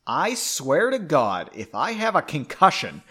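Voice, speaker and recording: A man reading the lines of a clumsy, hot-tempered male wizard in an angry shout. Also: on the high side, huge pitch swings, measured pace, slightly rough, heavily acted.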